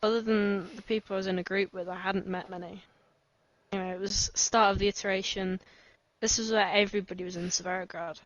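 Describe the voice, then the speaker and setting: Mid-pitched woman guest, modest and soft, dry lo-fi recording. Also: steady tone, brisk, dry recording. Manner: soft-spoken, self-deprecating, laughs often. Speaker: podcast guest. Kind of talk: casual chat. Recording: dry, dull lo-fi voice chat.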